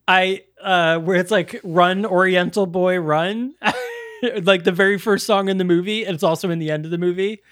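A man's voice: sits high, steady tone, brisk, fairly bright tone, no room sound, clean studio sound. A man hosting a podcast, casually recapping a movie, laughing often and acting out quotes. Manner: laughs often, acts out quotes in silly voices. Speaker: podcast host.

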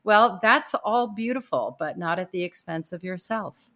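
A woman author, a guest on a podcast, talking earnestly and emphatically and acting out quoted lines with big swings in pitch. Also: expressive, moderate pace, fairly bright tone. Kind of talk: casual conversational interview.

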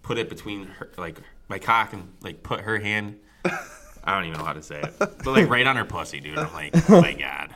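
A man's voice: lowish voice, animated, a little fast, vocal fry, a bit bright. A man casually telling a profane, laughing story to friends on a podcast. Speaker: podcast co-host.

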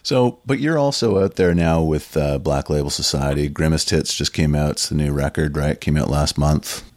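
A man's voice: a bass voice, normal speed, a little mellow, dry recording. A male interviewer making brief interjections and prompting questions. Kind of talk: casual interview.

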